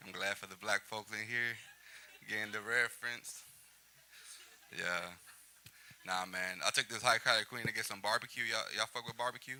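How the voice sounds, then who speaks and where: A man's voice: lowish voice, fairly even intonation, normal speed, long pauses, bright, forceful tone. A man doing a stand-up set in a comedy club, chatting with the crowd between one-liners. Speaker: stand-up comic.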